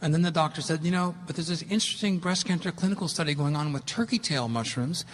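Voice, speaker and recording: A man's voice: a little high, fast. A middle-aged man giving a public lecture with slides, earnest and emphatic as he tells a story. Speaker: speaker giving a talk. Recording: long hall reverb.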